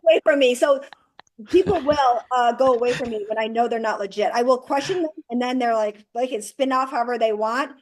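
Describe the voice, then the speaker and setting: Direct, animated woman guest speaking briskly. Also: a little high. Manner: direct, animated storyteller who acts out quoted dialogue. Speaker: guest actress. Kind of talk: casual interview chat.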